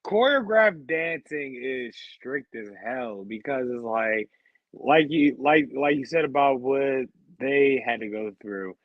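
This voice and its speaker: A man's voice: medium pitch, lively intonation, takes it slowly, dry recording, muffled recording. A man co-hosting a casual music review chat, laid-back and profane as he gives his verdicts. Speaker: podcast co-host.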